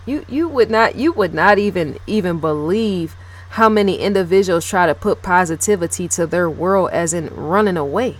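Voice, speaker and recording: A woman with a lowish voice gives blunt commentary straight to camera. She is emphatic and repeats herself, and she swears freely. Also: animated, moderate pace. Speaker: video blogger. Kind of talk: casual opinionated commentary to camera.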